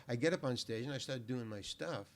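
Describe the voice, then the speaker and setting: A man's voice: medium pitch, a little fast. Older man rambling through an anecdote. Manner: rambling, repeats words while thinking; laid-back, salty language. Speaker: guest. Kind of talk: casual anecdote telling.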